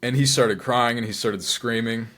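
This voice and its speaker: A man guest telling a story with dramatic flair, dropping into hushed asides for his inner voice. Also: medium pitch, steady tone, moderate pace. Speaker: cosplayer guest. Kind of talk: animated storytelling.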